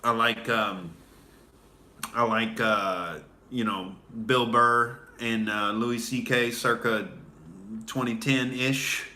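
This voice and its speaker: A man in his late twenties or thirties, a comedian hosting a livestream, telling crude, animated stand-up stories. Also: medium pitch, slow. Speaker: comedian, show host. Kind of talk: loose stand-up storytelling on a livestream.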